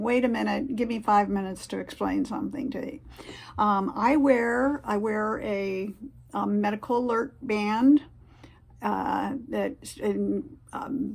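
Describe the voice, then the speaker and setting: Woman doing a casual advice vlog, bit of vocal fry, keeps stopping and restarting, middling pitch. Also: darkish tone. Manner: halting, many fillers and restarts. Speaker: vlogger giving advice.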